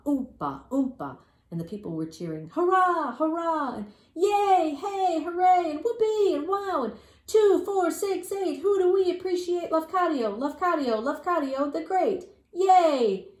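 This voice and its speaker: A woman reading a children's story aloud with lively, expressive storytelling and spoken sound effects. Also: on the low side. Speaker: reader. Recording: roomy echo.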